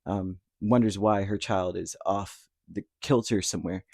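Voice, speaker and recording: A man's voice: sits low, steady tone, a little slow, darkish tone, no echo, clean studio sound. A man giving a casual, rambling tarot reading, talking conversationally with lots of fillers and asides. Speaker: tarot reader.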